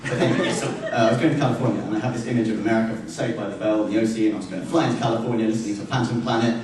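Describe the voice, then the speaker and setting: A man's voice: on the low side, rapid-fire. A young man doing stand-up, building his bits with escalating lists. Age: young adult. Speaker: student stand-up comic. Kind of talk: stand-up comedy. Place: large university hall, live audience. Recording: echoey hall, distant mic, audience noise.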